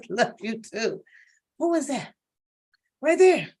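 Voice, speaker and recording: An older woman with a high voice plays with her grandchild, drawing out slow, teasing complaints and mock cries of pain. Her talk is playful baby talk, dramatic and unhurried. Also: sing-song, darkish tone, breathy edge. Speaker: grandmother playing with a toddler.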